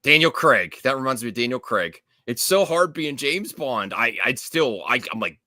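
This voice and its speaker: A man hosting a podcast, chatting casually about movies with animated, opinionated rants and quick asides. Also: mid-range voice, no echo, clean studio sound. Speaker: podcast host.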